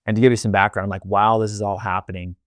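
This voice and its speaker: A man's voice: on the low side, level tone, very fast, fairly bright tone, no room sound, studio quality. A young man talking as a podcast guest, telling his story in a candid, rambling way full of "like". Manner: candid, rambling, heavy use of filler "like". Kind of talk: casual interview storytelling.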